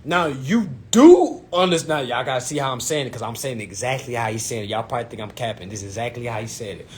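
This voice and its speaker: A young man telling a profane, animated story in a casual vlog, full of "you know what I'm saying". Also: medium pitch, racing, breathy edge. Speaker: vlogger giving consumer-credit advice.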